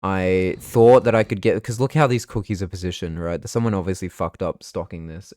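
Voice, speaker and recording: A man's voice: low voice, steady tone, fairly quick, hardly any pauses, a little mellow, no room sound. A young man, chatting casually and rambling through a vlog recap of his trip. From Australia. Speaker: vlogger.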